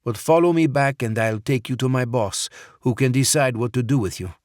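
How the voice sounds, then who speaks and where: A man's voice: medium pitch, fairly quick, darkish tone, no echo, studio quality, voice pushed up, close to an everyday voice. A man voicing a wary male security guard at a farm gate. The guard speaks in a cautious, officious way.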